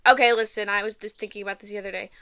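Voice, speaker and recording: A young woman chatting casually, animated and giggly, tripping over words as she reads facts aloud. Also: mid-range voice, very fast, dry recording. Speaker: vlogger.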